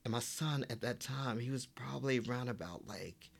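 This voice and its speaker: A man in his forties, a podcast guest, telling personal stories in casual conversation and acting out the dialogue with lively fillers. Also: medium pitch, moderate pace, gravelly. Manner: animated, acts out quoted dialogue with fillers.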